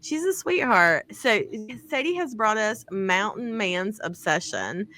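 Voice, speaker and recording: A woman's voice: medium pitch, very animated, a little slow, sharp tone. A young woman co-hosting a podcast in casual chat, chatty and giggly, tripping over words as she reads an author bio. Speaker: podcast co-host.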